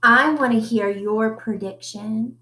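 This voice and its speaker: Slow, expressive woman reading to kids. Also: on the high side. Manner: expressive, asks the children questions. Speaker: teacher reading aloud to children. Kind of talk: picture-book read-aloud.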